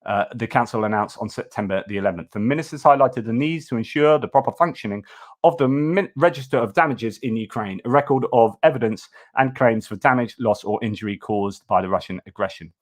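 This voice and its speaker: A man's voice: medium pitch, brisk. Chatty man hosting a news stream. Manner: chatty and informal, frequent fillers and restarts. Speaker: host of a news livestream. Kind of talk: casual news commentary.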